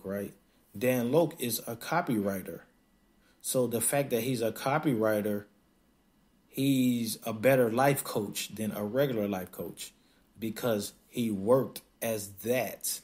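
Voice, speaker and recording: A man hosting a podcast in a casual monologue, blunt and emphatic, laughing often and acting out others in quick mocking asides. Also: mid-range voice, darkish tone. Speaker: podcast host.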